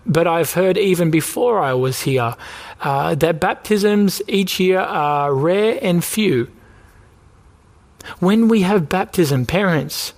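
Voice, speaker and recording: A man preaching a sermon as the church's pastor, earnest, pressing his listeners with repeated questions. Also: high voice.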